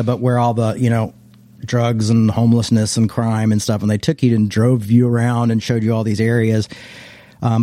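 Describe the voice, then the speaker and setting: A man's voice: mid-range voice, warm tone, no echo. A man, a former pastor, reflectively telling his life story in a casual interview, meandering and often restarting his sentences.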